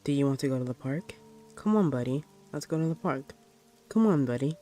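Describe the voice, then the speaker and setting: A man's voice: medium pitch, expressive, brisk, dark tone, soft background music, natural voice. A man reading as a coaxing demon father. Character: demon posing as a cheerful father.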